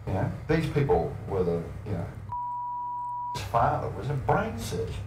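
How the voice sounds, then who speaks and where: A man's voice: medium pitch, wildly swooping pitch, moderate pace. A man with an Australian accent telling crude, rambling anecdotes, acting out other people's voices and breaking into laughter. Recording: roomy distant archive recording with faint noise.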